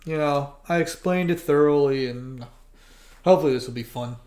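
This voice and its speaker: A livestream host who animates talks casually to viewers, stumbling over words and restarting sentences. The voice sits at a middling pitch. It rings in a roomy, echoey space. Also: a little mellow, slight background noise. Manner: halting, stammering with many restarts. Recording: roomy echo.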